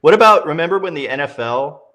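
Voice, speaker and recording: A man's voice: a little high, animated, fast talker, sharp tone. A man co-hosting a casual podcast, talking bluntly and sarcastically with lots of swearing. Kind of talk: casual rant chat.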